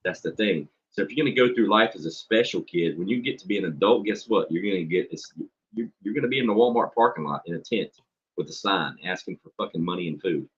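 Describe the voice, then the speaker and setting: Blunt man, low and husky, muffled lo-fi audio, profane storyteller. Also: quick pace. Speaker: substitute teacher. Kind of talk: casual chat on a stream. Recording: dull lo-fi stream audio.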